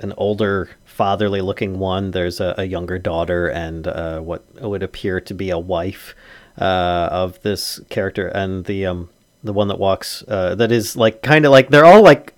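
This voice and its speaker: Filler-heavy male game master. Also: sits low. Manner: hesitant, filler-heavy narration. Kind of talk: narrating a tabletop game.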